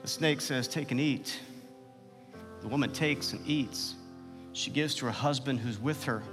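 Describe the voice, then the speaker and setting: A man's voice: moderate pace, big-room sound, over music. A man preaching a sermon with passion, asking the listeners questions and letting his voice swell at key points. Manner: passionate, rhetorical questions, swells in pitch and volume. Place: church sanctuary.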